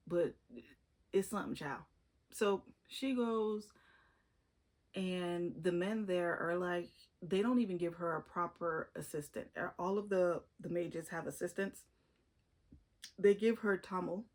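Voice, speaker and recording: A woman with a fairly low voice talks through her favorite books in a loose, conversational way. She leans on emphasis and drops opinionated asides as she goes. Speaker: book reviewer. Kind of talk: casual book review monologue.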